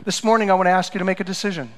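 A man with a fairly high voice preaches a sermon in a church. His delivery swings between loud, emphatic lines and quiet, low asides as he tells stories. The sound rings with a long hall reverb. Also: very fast. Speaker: pastor. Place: church sanctuary.

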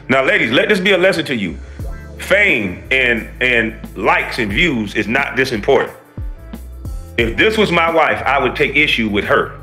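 A man's voice: mid-range voice, bright, forceful tone. A man giving a heated, profane reaction commentary, ranting and preaching to his viewers.

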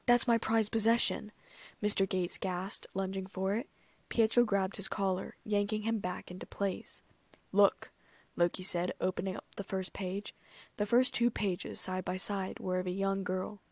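Woman reading a story in a flat voice. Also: medium pitch, vocal fry, no echo. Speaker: audiobook reader. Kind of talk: fan fiction audiobook narration.

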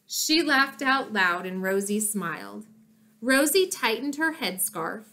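A woman narrates a children's chapter book in an expressive storytelling way. Her voice is fairly high and very lively in pitch, and she reads at a slow, deliberate pace. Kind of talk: children's audiobook reading.

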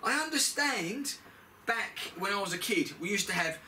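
A man's voice: sits high, a little fast, sharp tone, a little hiss or hum. A middle-aged man with a blunt, chatty manner, talking through a scooter repair in a workshop and swearing freely. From United Kingdom. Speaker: mechanic vlogger. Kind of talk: casual repair tutorial.

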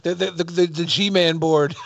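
A man's voice: a little high, fairly even intonation, measured pace, creaky, a bit bright, no echo. A man co-hosting a commentary show, mocking and blunt, swearing freely. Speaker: co-host. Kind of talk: commentary on clips.

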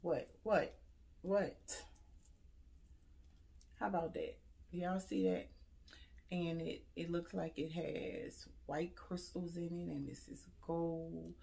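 A woman showing off holiday decorations she bought, talking casually and excitedly straight to her viewers. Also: on the low side, slow pace, vocal fry, poor audio. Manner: enthusiastic, addresses viewers directly, exclaims over items. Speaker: home decor vlogger. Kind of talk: casual haul show-and-tell.

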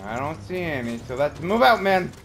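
A man from Canada doing excitable let's-play commentary, trash-talking the enemies he fights and rambling into jokes. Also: fairly high pitch, moderate pace, a little hiss or hum. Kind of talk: live gameplay commentary. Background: game music.

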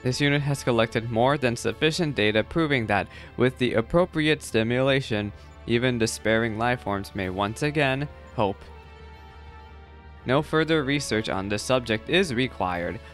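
A man's voice: medium pitch, normal speed, faint music behind, close to an everyday voice. A man voicing a formal, literal-minded robot unit with a clipped, mechanical delivery while reading game dialogue aloud. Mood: formal, robotic.

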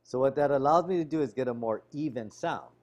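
A man teaching a ukulele lesson over a video call, explaining strumming technique in a relaxed way while he demonstrates. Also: medium pitch, a little fast, music in the background. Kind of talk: online music lesson. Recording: ukulele playing loud behind voice.

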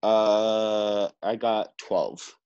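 A man's voice: lowish voice, fairly even intonation, drawn-out words, a little mellow, clear, resonant tone. A young man playing a tabletop game, talking casually and hesitantly while describing his character's moves. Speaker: player. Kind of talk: playing a tabletop game over a video call. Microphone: video call. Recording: muffled video-call audio.

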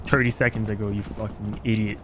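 A man's voice: on the low side, level tone, brisk, background noise. A young man hosting a gaming video, casually commenting in a blunt, sarcastic way and swearing a lot. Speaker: gaming channel host.

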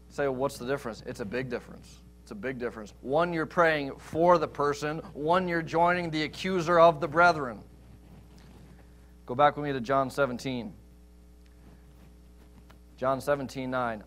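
A man preaching a sermon, pastor of a church, emphatic with rhetorical questions, swinging between loud stress and quiet scripture reading. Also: mid-range voice, moderate pace.

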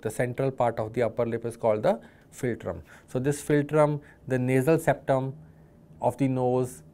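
A man's voice: medium pitch, darkish tone. A man with an Indian English accent giving a recorded anatomy lecture, patiently explaining and repeating key terms.

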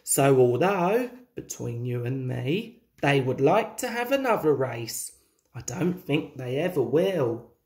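A woman reading a children's story aloud, gentle and expressive, confiding in the listener. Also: rumbling low, takes it slowly.

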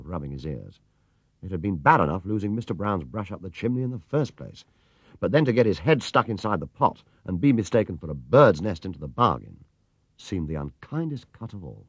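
A man narrating a children's storybook in an expressive, lively way. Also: sits low, a little fast, husky, no echo. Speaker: audiobook reader.

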